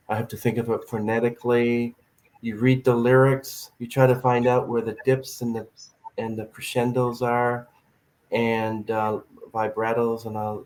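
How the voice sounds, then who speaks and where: A man hosting a podcast in casual chat, telling stories with lively, acted-out quotes. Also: medium pitch, poor audio. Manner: animated storyteller, acts out quotes. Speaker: podcast host.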